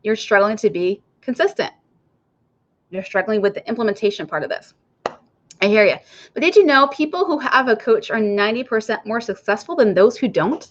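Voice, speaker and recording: Talking straight to viewers in a relaxed online coaching session, this woman works as a nurse and health coach. She has a medium pitch, lively intonation and a slightly quick pace, and the recording loses its high frequencies.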